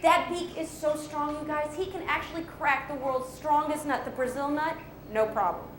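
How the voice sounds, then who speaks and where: A woman's voice: sits high, steady tone, moderate pace, a bit bright, roomy sound, slight background noise. A woman wildlife educator giving an upbeat live animal presentation to children, asking them questions and laughing often.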